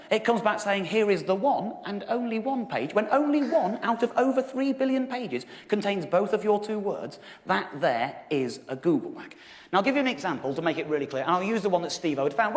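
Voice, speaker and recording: A man in his thirties telling a stand-up comedy story, wry and exasperated, mocking himself as he goes. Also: sits high. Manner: wry, exasperated, self-mocking delivery with frequent laughter. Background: audience laughter.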